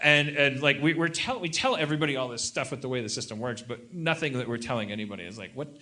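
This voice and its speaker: Bright-voiced man in his forties, rambling. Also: mid-range voice, fast talker. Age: 40s. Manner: rambling, self-deprecating, animated. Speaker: host. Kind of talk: live comedy podcast monologue. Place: live stage before an audience.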